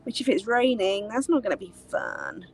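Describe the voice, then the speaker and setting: A woman's voice: mid-range voice, huge pitch swings, normal speed, gravelly, a little hiss or hum. A young British woman chatting casually on a live stream, rambling with many fillers. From Britain. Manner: rambling, many ums and likes. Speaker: live chat host.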